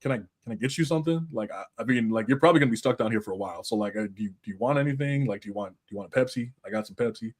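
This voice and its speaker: A man voicing a grumpy masked male serial killer who is secretly decent, in a low, muttered, irritated tone. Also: racing, hardly any pauses, husky, natural voice. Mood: offhand.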